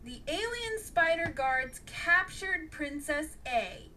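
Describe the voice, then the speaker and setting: A woman narrating a storybook audiobook in a plain, unhurried read-aloud style. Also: high voice, lively intonation, sharp tone, slight background noise.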